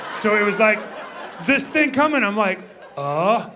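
A man in his fifties, a pastor telling a story in a sermon, animated and laughing as he acts out shouts. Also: sits high, moderate pace, noisy background.

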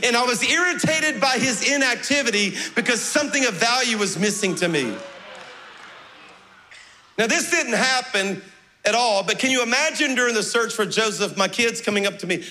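A middle-aged pastor, preaching a sermon with passionate, animated storytelling. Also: male voice, very high-pitched, fairly quick, a little hiss or hum. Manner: passionate, animated, acting out dialogue.

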